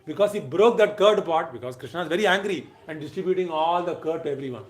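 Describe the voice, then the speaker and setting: A man delivers a devotional lecture in a slightly high voice, talking fast with hardly any pauses, and the sound is roomy. He's emphatic, swinging between loud and soft phrases and briefly chanting verses.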